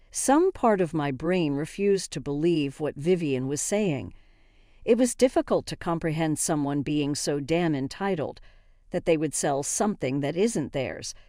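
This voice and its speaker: A woman's voice: low voice, dark tone, no room sound, clean studio sound. A woman narrating her own story in a scripted way, with an indignant, exasperated tone. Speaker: first-person story narrator.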